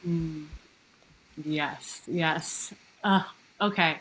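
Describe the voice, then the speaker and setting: A woman's voice: sits low, fairly even intonation, extremely slow, fairly bright tone, slightly rough, rough recording. A woman hosting a podcast interview, openly emotional and effusive, gushing thanks and praise at her guest. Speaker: podcast host. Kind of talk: interview conversation.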